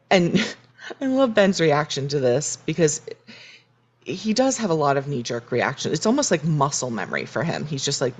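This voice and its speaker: A woman with a low, deep voice talking casually on a podcast. She swings her pitch widely, rising and dipping as she acts out what the characters say. She is thoughtful and often restarts her sentences. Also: sing-song, moderate pace, husky. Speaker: podcast co-host. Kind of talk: casual recap chat.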